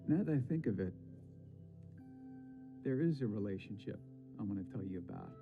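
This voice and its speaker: An actor playing a weary, reflective man in a TV drama, speaking quietly and confidingly. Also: on the low side, animated, normal speed, narrow, tinny audio, natural voice. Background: music score.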